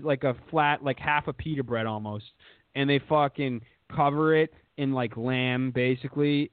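Over slight background noise, a young man with a mid-range voice hosts a podcast, rambling through crude casual chat full of swearing and constant "dude"s. The audio has a dry, phone-like lo-fi quality.

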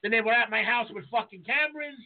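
A man's voice: very high-pitched, quick pace. A man, a chef co-hosting a casual podcast, telling blunt, profane stories. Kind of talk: casual chat, storytelling. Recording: tinny phone-like sound.

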